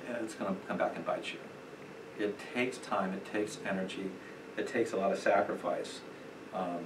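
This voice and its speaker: A middle-aged man teaching a parenting class at church, talking conversationally with many fillers and acting out quick quotes. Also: low-pitched. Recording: echoey room, distant mic, noisy.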